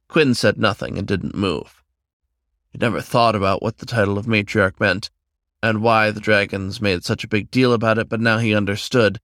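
Low-voiced man narrating a story. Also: normal speed, dry recording, clean studio sound. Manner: steady storyteller reading. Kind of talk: scripted narration.

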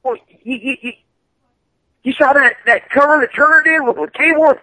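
A man impersonating an excitable, boastful male comic writer friend, talking in a rushed, eager way. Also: no room sound, rough recording. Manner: eager, rushed, high-pitched.

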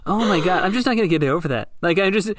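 A man co-hosting a casual podcast, playful and jokey, with animated exclamations. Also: high-pitched, quick pace, crowd noise. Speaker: podcast co-host.

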